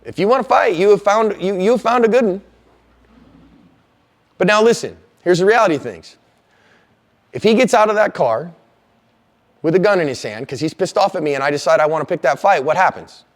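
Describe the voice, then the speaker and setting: A man's voice: high-pitched, brisk, pauses often. A middle-aged man teaches a self-defense class in a slightly raised voice. He tells stories with energy and acts out the people in them. His talk stays casual and direct throughout. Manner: animated storyteller, acting out quoted lines loudly.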